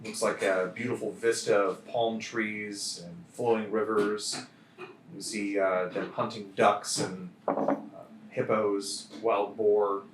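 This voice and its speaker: A man's voice: lowish voice, level tone, slow. A man narrating as game master of a tabletop game, with a hesitant manner full of fillers. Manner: hesitant, many fillers, bursts into laughter. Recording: roomy sound from a distant mic with faint noise.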